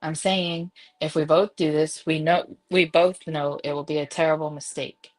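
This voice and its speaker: A woman's voice: deep voice, fairly even intonation, moderate pace, a little mellow, natural voice, poor audio. A woman reading the lines of a cocky, teasing young man in a romance novel.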